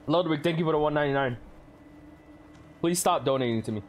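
A man's voice: on the high side, a little slow, a little hiss or hum. A male streamer giving live commentary on a horror game, jumpy and swearing a lot while talking to his chat.

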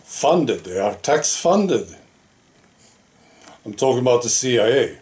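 A man's voice: medium pitch, sing-song, slow pace, darkish tone. A man giving a casual opinion monologue to the camera, talking conversationally and dropping frequent rhetorical questions and "right?" asides. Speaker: political vlogger.

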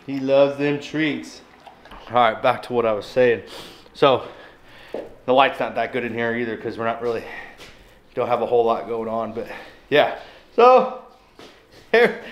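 A man's voice: mid-range voice, unhurried, long pauses, slight background noise. A man who runs a small family farm, talking in a chatty, down-to-home way as he walks through a casual farm vlog. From Nebraska. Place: farmyard outdoors, then inside a torn-up house.

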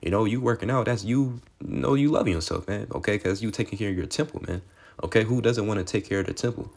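Speaking at a quick pace with vocal fry, this young street preacher's fairly low voice sounds a little mellow. He rambles informally through Bible teaching, swearing liberally and tacking "man" or "okay" onto his sentences.

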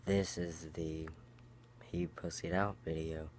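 A young man with a very low voice rambles through a profane story, acting out both sides of the exchange. He talks straight to his viewers in a casual vlog. A faint hum sits under the recording. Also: little pitch movement, takes it slowly, a little mellow. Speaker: vlogger.

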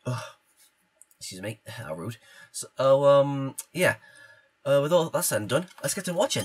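Excitable stammering man with a cold. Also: mid-range voice, moderate pace, pauses often, slightly rough. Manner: stammering, excitable, restarts often. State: congested from a cold. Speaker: anime reaction YouTuber. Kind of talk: casual reaction vlog.

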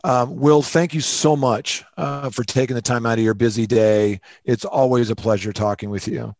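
A male podcast host with a mid-pitched voice in a dry, close recording. He sounds enthusiastic and warm, and stumbles over the first words of his sentences. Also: fairly even intonation, moderate pace, gravelly, no echo. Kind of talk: casual podcast chat.

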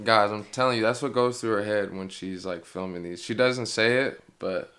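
A man's voice: on the low side, steady tone, moderate pace, fairly bright tone. A husband in casual, laid-back chat with his wife, joking and teasing her.

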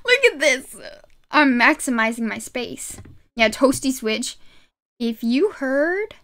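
High, lively, giggly woman streamer. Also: slow. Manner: chatty, giggly, talks to her viewers. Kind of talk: casual gameplay commentary. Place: home gaming setup. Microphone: desk microphone.

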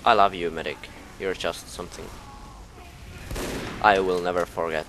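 A man casually commentating his own gameplay, muttering low asides and then yelping in panic, his voice a little low from being sick. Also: steady tone, normal speed, heavy background noise. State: slightly sick, voice a bit low. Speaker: gamer.

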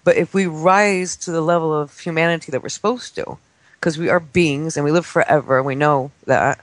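Brief: man, forties, radio guest, animated storyteller who mimics kids, dry close studio sound. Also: on the high side, a little fast, no room sound. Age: 40s. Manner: excitable storyteller acting out children's voices. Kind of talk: casual talk-radio chat. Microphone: studio microphone.

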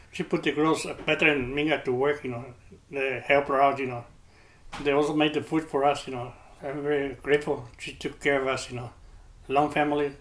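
Bright-voiced older man, earnest memories. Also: fairly high pitch. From South Texas. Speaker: interviewee. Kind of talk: oral history recollection.

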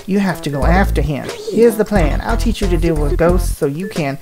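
A woman voicing a folksy old male professor who hunts ghosts, putting on a Southern drawl and a creaky old-man voice. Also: fairly low pitch, animated, moderate pace, music in the background. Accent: put-on Southern drawl.

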